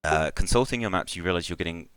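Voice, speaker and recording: A man with a very deep voice narrates as game master in a tabletop role-playing game. His tone is bright and forward despite the low pitch, and he describes the scenery with frequent ums. The sound is dry and close. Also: quick pace, smooth, dry recording, faint music behind.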